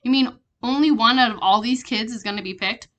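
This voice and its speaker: A woman's voice: fairly high pitch, a little fast, fairly bright tone, lightly acted. A woman reading aloud, voicing a curious, skeptical young schoolboy full of questions. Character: curious grumbling schoolboy around nine.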